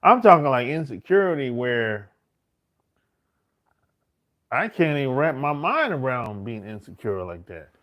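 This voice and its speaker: A man's voice: medium pitch, sing-song, a little slow, pauses often, fairly bright tone. A middle-aged man, telling stories in a casual, boastful and profane monologue full of slang. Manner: profane, slangy street talk with frequent "man" and "bro"; boastful, swaggering. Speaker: host.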